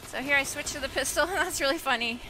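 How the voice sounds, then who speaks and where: A young woman recording casual gameplay commentary at home, soft-spoken and hesitant, filling pauses with ums and little giggles. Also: sits high, rough recording. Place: at home with her children nearby.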